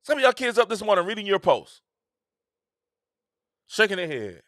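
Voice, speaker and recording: Animated middle-aged man with lively pitch. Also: moderate pace, no echo, studio quality. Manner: animated, repetitive, preacher-like cadence. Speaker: host. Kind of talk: casual opinion monologue.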